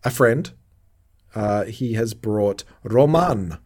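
A man's voice: on the low side, animated, normal speed. A man co-hosting a casual podcast, recapping a TV episode with lots of laughter and playful mock indignation. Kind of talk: casual chat.

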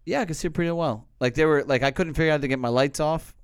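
A man co-hosting a casual podcast, telling rambling stories at his own expense and cursing freely. His voice is smooth and resonant, recorded close and dry with no room sound. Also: on the high side, rapid-fire, dry recording. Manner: rambling, self-mocking storyteller with frequent cursing. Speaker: podcast co-host. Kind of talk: casual chat.

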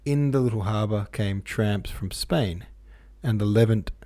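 A man reading a classic novel aloud in a measured, literary way. His voice is low, mellow and relaxed. He narrates steadily as a podcast host. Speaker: podcast host and audiobook reader.

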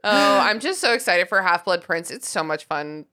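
A woman's voice: lowish voice, normal speed, pushed and bright. A woman co-hosting a casual book discussion podcast, chatty and laughing, with jokey asides. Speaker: podcast co-host.

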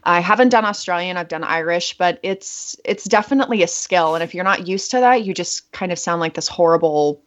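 A woman's voice: on the low side, brisk, few pauses, a bit bright. A woman guest in a casual interview, chatty and bubbly, laughing often as she tells stories. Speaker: actress and veteran guest. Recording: muffled lo-fi audio.

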